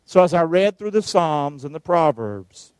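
A male preacher, giving a sermon, calling on the congregation to answer and shouting verses out. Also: on the high side, animated, measured pace, smooth, dry recording. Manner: calls for responses, shouts the verses out.

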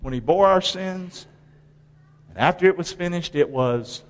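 A pastor with a high voice delivers an unhurried, folksy sermon in a large hall, the church sanctuary. He calls on the congregation to respond and repeat his words back to him.

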